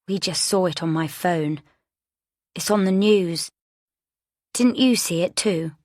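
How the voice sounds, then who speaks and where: A woman reading an audiobook, voicing a serious young man delivering bad news in a low voice. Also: slow, darkish tone, no echo, studio quality.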